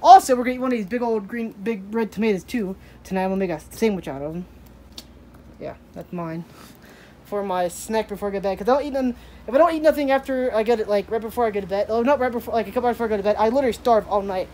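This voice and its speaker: A woman's voice: mid-range voice, racing, warm tone, a little hiss or hum. A young woman vlogging at her rural home, chatting in a rambling way and talking to her pets. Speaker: daily vlogger. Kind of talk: casual vlog chat.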